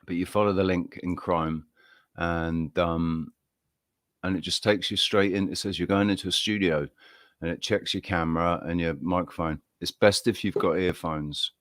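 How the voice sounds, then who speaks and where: Friendly, rambling stream host, English man with a low voice and dry sound. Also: steady tone, normal speed, fairly bright tone, no echo. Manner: rambling, friendly, greets viewers by name. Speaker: livestream host. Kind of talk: casual live-stream chat.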